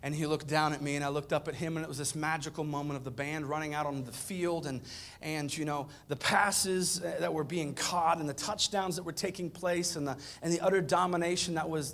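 A man in his thirties preaching a sermon, telling a funny family story and acting out the dialogue with growing excitement. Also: fairly high pitch, vocal fry. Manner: animated storyteller, acts out dialogue with rising excitement. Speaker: pastor. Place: church auditorium with a live audience.

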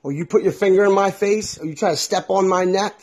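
A man's voice: sits high, brisk, darkish tone. A middle-aged man hosting a solo podcast, talking bluntly and with a lot of feeling, swearing freely as he speaks his mind. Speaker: podcast host. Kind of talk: candid solo podcast monologue.

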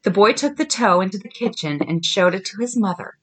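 A woman in her thirties who hosts a podcast reads scary stories aloud to her daughter. She has a mid-range voice, giggles in a lively way, and delivers the spooky lines slowly with groans.

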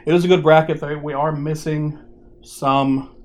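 A man's voice: a little high, steady tone, normal speed, a little mellow, a little hiss or hum. A man hosting a casual podcast, joking and rambling with fillers. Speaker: podcast host.

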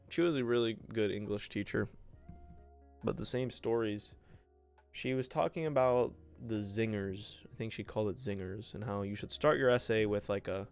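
A young podcast host spins loose, joking stories about school, throwing in "bro" and playing the people he talks about. His voice is smooth with a gravelly fry. Soft music plays faintly behind him. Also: on the low side. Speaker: podcast host and content creator. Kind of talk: casual solo podcast storytelling.

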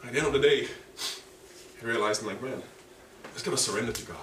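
A man preaching a sermon with passion, rising to high, emotional pleas. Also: fast, fairly bright tone, a little hiss or hum. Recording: echoey room from a distance.

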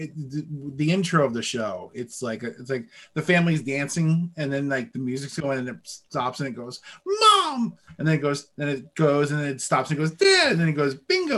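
A man co-hosting a casual podcast chat, animated and quick to swear and act out voices. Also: medium pitch. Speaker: podcast co-host.

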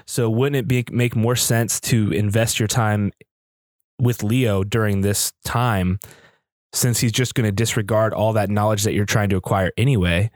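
A man in his thirties co-hosting a casual podcast chat, thinking out loud in a rambling way with restarts and acted-out quotes. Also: on the low side, fairly even intonation, normal speed, no echo, studio quality. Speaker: podcast co-host.

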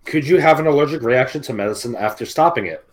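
A man's voice: medium pitch, lively intonation, quick pace, crowd noise. A man co-hosting a podcast, chatting casually, teasing his co-host and reading out posts in a mocking tone. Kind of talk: casual chat.

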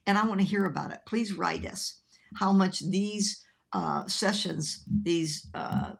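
A woman evangelist preaching a broadcast sermon, telling a story with animated quoted voices. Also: mid-range voice, a little slow, gravelly. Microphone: filmed by an assistant.

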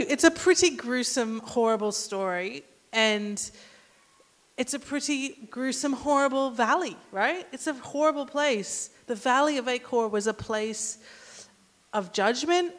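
A woman's voice: on the high side, expressive, slow pace. A woman giving a casual, conversational sermon and asking the congregation questions. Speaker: church speaker. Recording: hall reverb.

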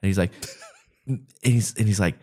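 Man, very low voice, casual comedy riffing, jumps into character voices. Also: slightly rough. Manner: animated, acts out characters in quick asides. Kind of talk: casual improvised comedy chat.

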